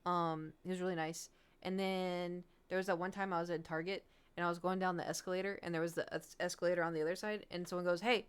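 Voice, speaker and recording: A young woman chatting casually on stream from her home, her voice smooth and clear. She tells her stories with animation, acting out the lines of the people in them with giggles and nervous self-awareness. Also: on the low side, flat delivery, quick pace. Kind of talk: casual chat to stream viewers.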